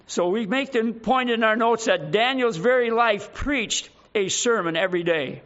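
This sermon comes from a man with a strikingly high, slightly bright voice, speaking at a moderate pace with hardly any pauses. He's emphatic, pressing each point with rhetorical questions, and the audio is dull and lo-fi.

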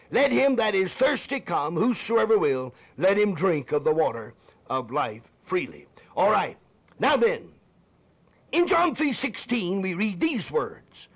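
A man preaching a fiery old-time sermon, repeating phrases for emphasis and swinging between loud cries and hushed lines. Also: high voice. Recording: dull lo-fi archival sermon recording.

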